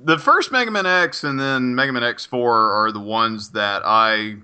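A man's voice: medium pitch, normal speed, pushed and bright, clean tone. A man chatting casually about games on a podcast, rambling and swearing offhandedly. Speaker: podcast co-host. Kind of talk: casual game review chat.

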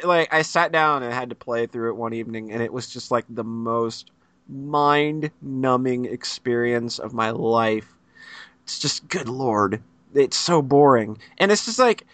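Exasperated male co-host for a game chat; tense, slightly high voice. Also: a bit bright, no room sound. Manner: blunt, exasperated ranting. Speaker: podcast co-host. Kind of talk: casual game review chat.

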